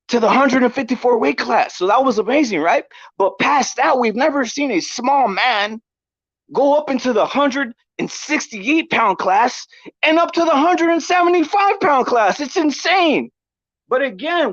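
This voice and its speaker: A man hosting a boxing commentary vlog with a lively, swooping delivery, ranting provocatively and repeating his points while tossing out shout-outs. The audio is dull and dry. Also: extremely high pitch, no room sound. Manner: provocative, repetitive, gives chat shout-outs. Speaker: boxing commentary channel host.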